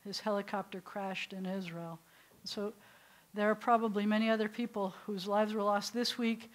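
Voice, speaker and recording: A woman with a Southern American accent leading a congregation through a service, giving gentle instructions. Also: medium pitch, steady tone, normal speed. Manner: warm instructive directions to a congregation. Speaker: service leader.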